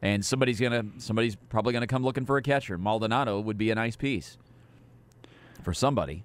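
A man's voice: on the low side, fast talker, clear, resonant tone. A middle-aged man hosting a sports radio show, chatting casually about baseball in a rambling, self-deprecating way.

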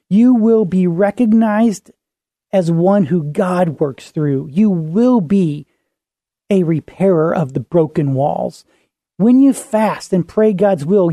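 A man, a pastor and podcast host, teaching earnestly on fasting and reading scripture aloud with emphatic repetition. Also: high voice, warm tone, no room sound, studio quality.

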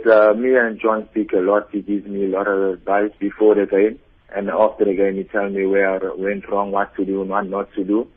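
Husky man on a phone line. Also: on the low side. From South Africa. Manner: short, plain answers. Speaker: footballer interviewed by phone. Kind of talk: phone interview. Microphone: telephone.

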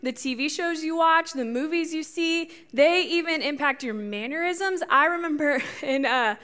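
A woman delivers a relaxed, conversational sermon in a high voice. She is animated and speaks directly to her listeners. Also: normal speed. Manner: animated, talks straight to the audience, laughs at her own slips. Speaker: youth speaker.

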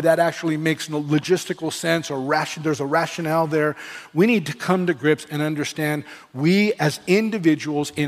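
A man preaching a sermon as pastor, earnest, with restarts and rising emphasis. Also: a little high. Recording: long reverb of a church hall.

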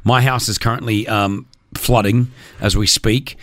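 A man hosting a breakfast radio show in a studio, telling stories in an animated, jokey way. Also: fairly low pitch, measured pace, no echo. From Australia. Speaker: radio host.

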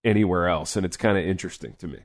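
Low-voiced man rambling on a sports podcast. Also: rapid-fire. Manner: loose and rambling, heavy on "like" fillers. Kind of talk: casual chat.

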